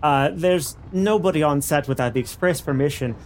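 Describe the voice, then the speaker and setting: A man's voice: on the high side, normal speed, slight background noise, lightly acted. A man voicing a polite, officious male studio security guard with a fussy manner. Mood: polite refusal.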